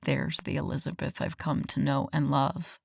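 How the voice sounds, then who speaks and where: A woman voicing a deep-voiced, protective male werewolf love interest in an audiobook, speaking low and soft. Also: little pitch movement, moderate pace, vocal fry, husky, no room sound, exaggerated voice. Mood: gentle. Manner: low, soft, often whispered. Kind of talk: audiobook character voice.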